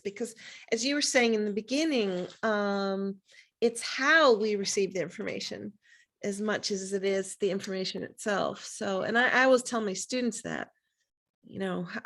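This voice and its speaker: A woman offering a comment in a discussion, stopping and restarting as she searches for words. Her voice sits at a middle pitch. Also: fairly bright tone. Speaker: teacher, audience member.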